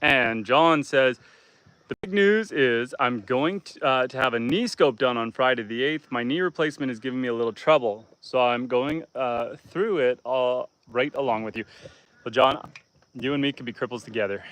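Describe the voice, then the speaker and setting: A man's voice: medium pitch, normal speed, fairly bright tone, clean tone. A man hosting a live stream from his homestead, chatting casually, talking to his goats and reading out viewer comments. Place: outdoors on a homestead among goats.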